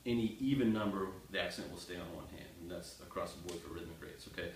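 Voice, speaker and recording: A man's voice: sits low, fast. Man counting rhythms aloud in a roomy space. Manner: joking, direct teaching. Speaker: drum teacher. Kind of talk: casual music lesson. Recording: roomy sound from a distance with loud noise.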